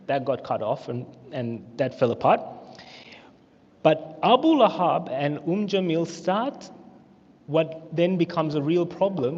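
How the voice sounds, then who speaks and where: An Australian man teaching a religious history class in a mosque, telling the story with animated, acted-out quotes. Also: on the high side. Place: mosque hall. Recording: echoey hall, muffled lo-fi sound.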